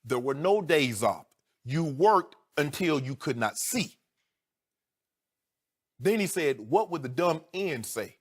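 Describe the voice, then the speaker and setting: A middle-aged man, a sports commentator on TV, debating heatedly. He is emphatic and indignant, swinging from low, measured talk to a loud voice and a string of rhetorical questions. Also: expressive, breathy edge.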